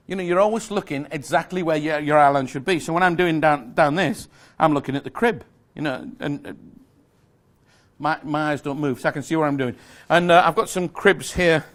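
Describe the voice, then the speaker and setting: A man's voice: on the high side, brisk, fairly bright tone. A man giving a live magic lecture to an audience, explaining step by step in a chatty, self-correcting way with small jokes.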